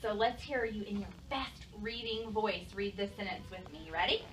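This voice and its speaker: A woman's voice: medium pitch, moderate pace. A young adult woman teacher, leading a lesson for young pupils, praising answers and asking many questions. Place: classroom. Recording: distant mic, noisy classroom.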